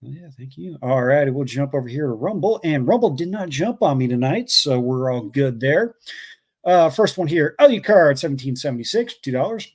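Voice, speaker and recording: Co-host type, man with a slightly raised pitch, loose chatty read of viewer donations. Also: lively intonation, brisk, a little mellow, breathy edge. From Canada. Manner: reads donor messages aloud with fillers and laughs. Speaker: co-host reading super chats. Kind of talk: casual livestream chat.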